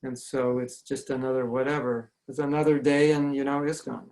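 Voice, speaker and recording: An American man, a spiritual teacher, giving an informal talk to an online class, animated and acting out quotes as he goes. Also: mid-range voice, normal speed. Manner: animated, acts out quotes, chuckles often. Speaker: spiritual teacher answering questions.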